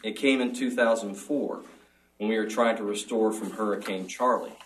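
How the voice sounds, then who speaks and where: A middle-aged man gives an earnest, measured interview statement, now and then restarting a phrase. His voice sits fairly low. He is picked up from a little way off the microphone. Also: steady tone, distant mic, a little hiss or hum, poor audio. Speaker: job candidate.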